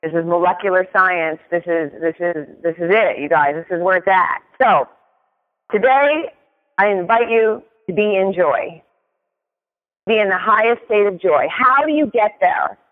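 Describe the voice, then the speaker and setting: A man's voice: sits high, unhurried. A man giving a motivational talk, telling a story with emphatic delivery and often asking "right?". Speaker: motivational speaker. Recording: tinny phone-like sound with long reverb.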